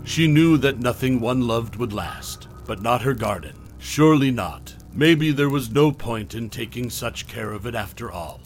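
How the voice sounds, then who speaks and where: A man giving a measured, scripted narration of a horror story. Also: medium pitch.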